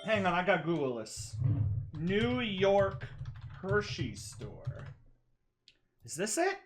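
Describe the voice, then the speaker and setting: A woman streaming a game, chatting casually in an excitable, exclamatory way with casual swearing. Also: mid-range voice, takes it slowly, soft background music.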